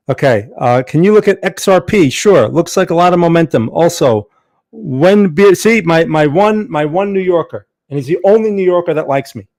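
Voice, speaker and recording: A man with a somewhat high voice walks viewers through market charts on a live stream. He talks in a loose, conversational way and keeps checking in with his audience. He stresses the points he wants them to see on the charts. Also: a little mellow. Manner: emphatic, urging viewers to look at charts.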